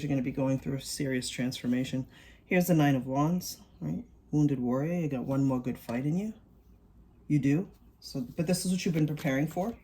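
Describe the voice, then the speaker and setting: A tarot reader giving an excited, reassuring reading to viewers, often repeating lines and tagging them with "all right?". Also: mid-range voice, a little hiss or hum.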